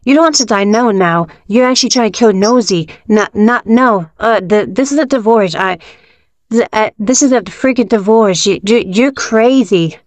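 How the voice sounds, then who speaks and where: A woman's voice: medium pitch, normal speed, dry recording, lightly acted. A woman playing a panicked young wife who stammers and gets flustered in a casual fan roleplay.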